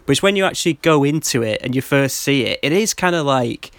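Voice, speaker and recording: A man telling animated, rambling stories in a casual podcast chat. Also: medium pitch, quick pace, vocal fry, dry recording. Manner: rambling, animated storytelling with many fillers.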